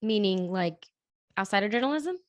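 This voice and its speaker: A woman journalist and radio host, talking fast and animatedly as a guest in a casual interview, with lots of "like.". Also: medium pitch, lively intonation, dry recording, studio quality.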